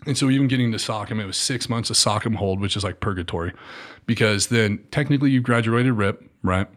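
A man's voice: lowish voice, a little fast. A man, an army veteran, telling stories in casual chat and acting out the voices of sergeants and of his scared younger self. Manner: animated, acts out sergeants' shouts and his own scared replies.

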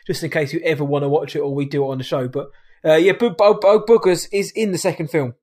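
A man's voice: on the high side, steady tone, quick pace, darkish tone. A man co-hosting a film podcast, casual chat that rambles and corrects itself, often laughing.

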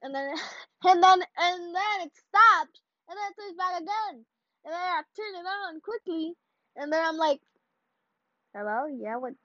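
A woman giving casual, rambling commentary while playing, excitable and mock-ranting. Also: extremely high pitch, unhurried, no echo. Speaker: video creator. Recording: dull lo-fi audio.

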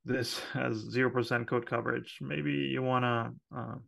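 Gravelly man, relaxed, chatty, lots of ums, casual programming podcast talk. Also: mid-range voice, moderate pace. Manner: relaxed, filler-heavy, laughs often. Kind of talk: casual technical chat.

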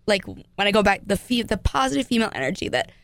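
Lively rambling young woman host. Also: medium pitch, fast talker. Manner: rambling, lots of fillers and restarts. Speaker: podcast host. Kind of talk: casual podcast chat.

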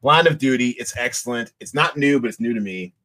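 A man's voice: mid-range voice, animated, a little fast, fairly bright tone. Rambling man chatting about TV. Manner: rambling, many restarts and fillers. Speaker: podcast host. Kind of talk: casual chat about TV shows.

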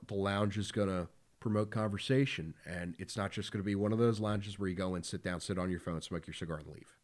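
Blunt, profane man. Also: on the low side. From Philadelphia area. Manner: blunt and profane, with frequent fillers. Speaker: podcast host. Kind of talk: casual podcast talk.

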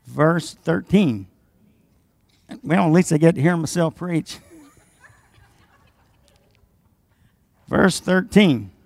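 A man preaching a sermon as pastor, dropping into quiet asides and rising loud and emphatic when he reads scripture, calling for responses from the congregation. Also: a little high, extremely slow, creaky, long pauses, no room sound.

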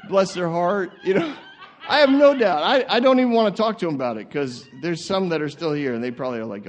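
A male pastor preaching in a church, animated and laughing, often repeating words as he goes. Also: sits high, a little fast. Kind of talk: sermon. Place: church sanctuary.

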